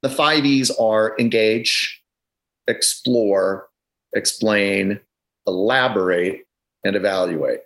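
A man's voice: fairly low pitch, takes it slowly, vocal fry, a bit bright, rough recording. A middle-aged man guesting on a podcast over a video call, talking in an emphatic, explanatory way and leaning on data to make his case. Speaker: education consultant, podcast guest.

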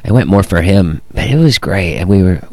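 A man from Boston, with no trace of an accent, sits in as a guest and tells wry anecdotes in a lowish voice. The sound is dry and close, with no room around it. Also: expressive, a little fast, vocal fry, darkish tone, no echo. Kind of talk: casual chat, storytelling.

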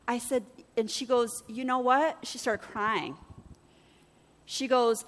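A woman's voice: mid-range voice, big-room sound. A woman pastor preaching a sermon, telling stories and acting out both sides of conversations. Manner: storytelling, acts out dialogue with lively shifts.

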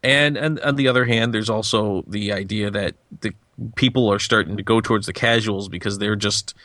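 A man's voice: lowish voice, normal speed, sharp tone, no echo. A man co-hosting a casual podcast chat, rambling with many restarts and fillers. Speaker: podcast co-host.

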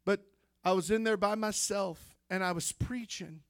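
Man, preacher, testimony sermon, high voice, fervent storytelling, dry close sound. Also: normal speed, no room sound. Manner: fervent storytelling, rising to shouts.

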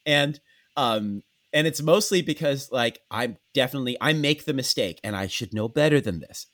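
A Canadian man chatting casually as a podcast co-host, telling animated stories with swearing and acted-out voices. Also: medium pitch, normal speed. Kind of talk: casual chat.

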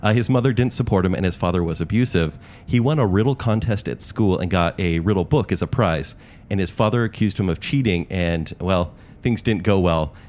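A young man co-hosting a comedic podcast, chatty and quick to laugh. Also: sits low. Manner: laughs often, chatty, animated. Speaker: podcast co-host. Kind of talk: comedic role-play chat.

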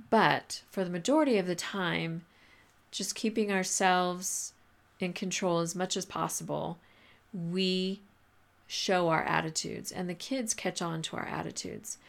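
Low gravelly-voiced woman chatting. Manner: chatty, filler-heavy, laughs often. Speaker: podcast host coaching teachers. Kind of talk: casual advice talk.

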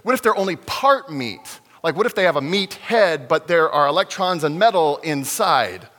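A man playing a baffled, excitable alien. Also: a little high, normal speed, pitched above the performer's own voice. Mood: puzzled. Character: baffled male alien discussing humans. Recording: long hall reverb.

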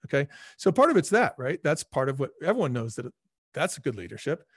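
Fast-talking animated man. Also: fairly high pitch, husky, no room sound, clean studio sound. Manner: animated storyteller, acts out quoted dialogue. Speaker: former restaurant chain CEO, guest. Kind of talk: casual podcast interview.

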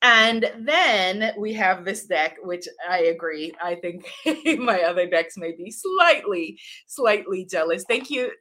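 A woman hosting a live stream as an author, effusive and warm in her greetings, welcoming viewers one by one by name and laughing often. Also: medium pitch, expressive, slow pace. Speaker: host of a live stream, oracle deck author. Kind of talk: enthusiastic live-stream chat.

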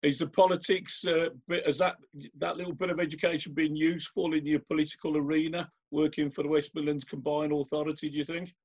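A man's voice: on the high side, flat delivery, fairly quick, a little mellow. Chatty man hosting, lo-fi sound. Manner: chatty, rambling questions. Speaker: host. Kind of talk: live online interview.

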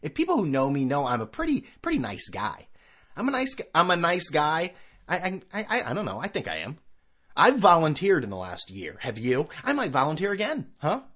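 A man's voice: fairly high pitch, wildly swooping pitch, brisk, fairly bright tone. A middle-aged man hosting his own podcast, rambling casually with sarcastic, self-mocking asides. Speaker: podcast host. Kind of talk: casual solo podcast rant.

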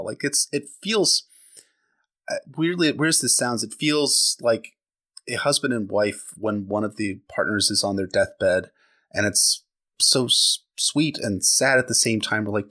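A man's voice: mid-range voice, unhurried, a bit bright. A man co-hosting a podcast, talking casually and enthusiastically about a book, with loose slang and swearing. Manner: enthusiastic, casual, swears freely, says "like" a lot. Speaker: podcast co-host.

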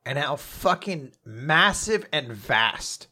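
A man's voice: fairly high pitch, sing-song, slow pace, bright, forceful tone. A young man co-hosting a casual podcast, joking and swearing with enthusiasm. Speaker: podcast co-host. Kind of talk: casual chat.

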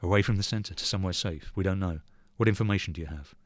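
A man's voice: deep voice, fast talker, no room sound, studio quality, lightly acted. A man doing a stern, tired factory owner. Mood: firm. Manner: firm, commanding.

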